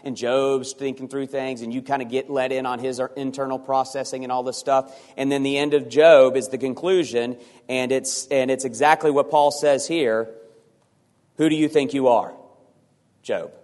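A man preaching a sermon as pastor, animated and sometimes acting out voices for emphasis. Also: mid-range voice, moderate pace, in a large hall.

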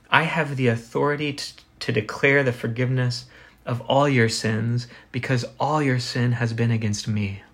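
A man preaching a sermon as pastor, earnest, building his points with rhetorical questions and slowing for emphasis. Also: medium pitch.

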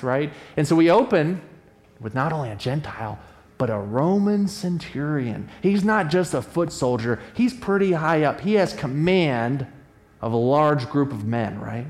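A man delivers a sermon in a relaxed, conversational way. His voice sits a little high for a man, and he tells the story with animation, often pausing to check in with his listeners. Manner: animated storytelling, acts out quoted voices with a raised pitch; conversational, often asks "right?". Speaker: pastor.

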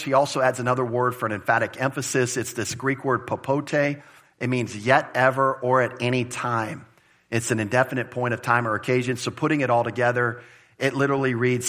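A man's voice: mid-range voice, a little fast. A man preaching an expository sermon in an emphatic, conversational way. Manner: animated, emphatic, conversational preaching with Greek word study. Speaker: pastor.

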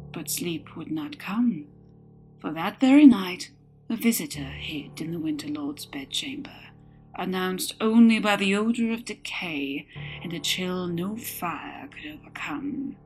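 A woman narrating a dark folktale in a slow, dramatic storytelling manner, with music behind. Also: lowish voice, expressive.

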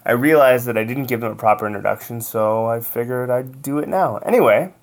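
A man introducing a podcast segment in a loose, offhand manner. His delivery is relaxed and scattered with uh fillers as he hands over to the segment. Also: medium pitch, a little fast.

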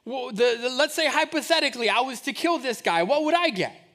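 A man's voice: very high-pitched, animated, a little fast, fairly bright tone. A man voicing a bold, curious young shepherd who asks pointed, indignant questions in a sermon retelling.

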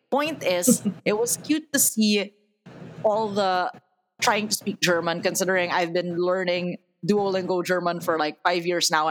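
A woman's voice: on the low side, poor audio. A woman co-hosting a podcast, chatting casually and with strong opinions about a movie, laughing often. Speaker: podcast co-host. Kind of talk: casual movie review chat.

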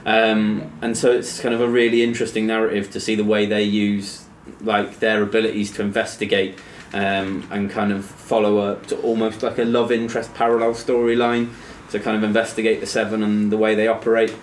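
A man casually reviewing a TV series in a measured, hesitant way with many pauses and ums. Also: on the low side, completely flat delivery, echoey room, a little hiss or hum. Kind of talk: casual chat.

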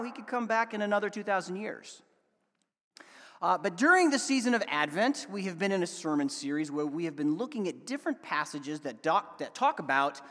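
A man's voice: fairly high pitch, a bit bright. A man preaching a sermon to his congregation, casual and conversational, with fillers and asides. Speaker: pastor. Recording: long hall reverb.

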